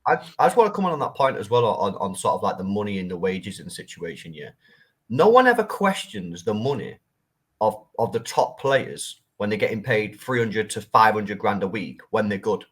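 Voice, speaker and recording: A man on a football fan panel, arguing his point in an animated, insistent way. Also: lowish voice, normal speed, husky. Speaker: panel guest. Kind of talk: football opinion talk.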